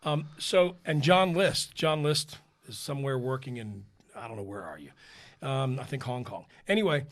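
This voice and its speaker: A man's voice: mid-range voice, normal speed. A man hosting a podcast, telling a story in a self-mocking way and laughing as he goes. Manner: animated, self-mocking, laughing between lines. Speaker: podcast host. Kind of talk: casual storytelling.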